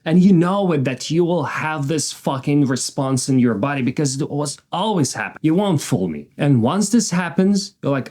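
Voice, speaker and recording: A man giving an emphatic, animated self-help talk, now and then swearing for emphasis. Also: on the high side, normal speed, hardly any pauses.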